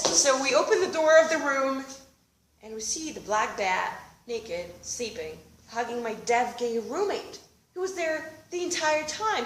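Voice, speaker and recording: Animated woman telling a story on stage. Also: high-pitched, reverberant. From Europe. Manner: animated, swearing, acts out dialogue. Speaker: solo comedy performer. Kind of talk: live storytelling to an audience. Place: theater stage with live audience.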